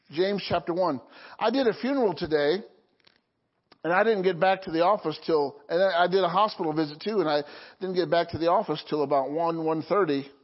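A man preaching a sermon to his congregation, checking in often with "Okay?" and "Amen?". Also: sits high. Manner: call-and-response preaching, frequent "Okay?" and "Amen?". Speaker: pastor. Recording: dull lo-fi recording.

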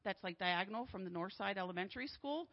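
A woman's voice: mid-range voice, lively intonation, fast talker, lo-fi sound. Bubbly woman giving church announcements. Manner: bubbly, enthusiastic, laughs often. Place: church sanctuary.

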